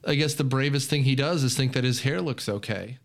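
A man co-hosting a podcast, chatting animatedly about films and quick to joke. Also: mid-range voice. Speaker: podcast co-host. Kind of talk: casual movie discussion.

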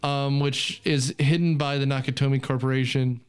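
Clear-voiced man chatting about movies. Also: mid-range voice. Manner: animated, chatty, quick to joke. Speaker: podcast co-host. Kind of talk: casual movie discussion.

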